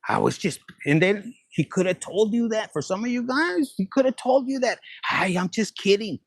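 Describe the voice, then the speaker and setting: High gravelly man giving a tarot reading. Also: big pitch swings, moderate pace, no echo. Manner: profane, playful and gossipy, drops Spanish phrases. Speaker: tarot reader.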